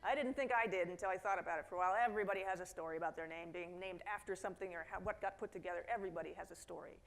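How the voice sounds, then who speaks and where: A middle-aged woman giving a conference keynote talk in a lively storytelling manner, slipping into quoted voices and asides to the audience. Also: fairly low pitch, racing. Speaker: keynote speaker. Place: conference hall.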